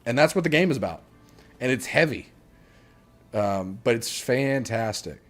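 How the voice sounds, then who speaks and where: A man hosts a casual gaming livestream, chatting in an easygoing, rambling manner with plenty of fillers. He has a medium-pitched voice with lively intonation and a moderate pace.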